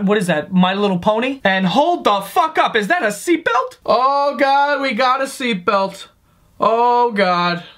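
A man's voice: extremely high pitch, bright, forceful tone. A young man giving a sarcastic, profane, incredulous comedic rant over video clips. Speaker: comedy commentator. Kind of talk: ranting comedic commentary.

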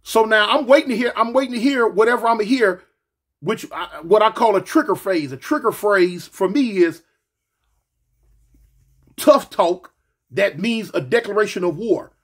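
A man telling a story from his past casually, slangy and animated, acting out the other voices. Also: sits high, moderate pace, slightly rough.

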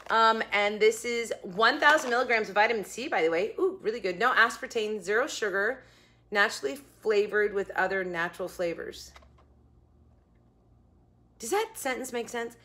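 A woman's voice: on the high side, moderate pace, pushed and bright. A young woman chatting casually in her home kitchen as she reviews food, rambling with giggly asides. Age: young adult. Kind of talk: casual chat.

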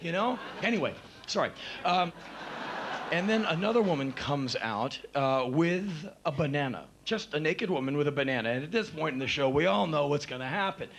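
An animated spoken word performer tells stories live on stage before an audience, acting out voices and building to excited shouts. His voice is on the high side and creaky, at a moderate pace. It's a live concert recording with faint crowd noise.

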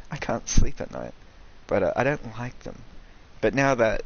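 A young man doing casual, sweary commentary over a video game, ranting and excitable. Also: fairly low pitch, moderate pace, creaky, few pauses, highs cut off, noisy background. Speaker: gaming streamer.

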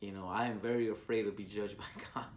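A man preaching an informal sermon, earnest and repetitive, with his voice rising loud on key words. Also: on the low side, fairly even intonation, quick pace, echoey room, slight background noise.

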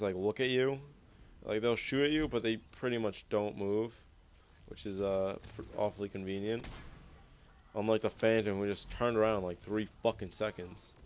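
Smooth and fairly low in pitch, this young gaming YouTuber's voice runs through loose, profane commentary on his footage, easygoing and rambling.

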